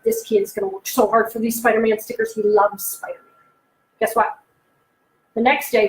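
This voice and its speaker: A woman coaching parents in a casual, animated talk, often acting out what kids say and asking the listener questions. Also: fairly high pitch, reverberant, rough recording. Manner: animated, acts out kids' voices, asks the listener questions. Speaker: behavioral consultant and life coach.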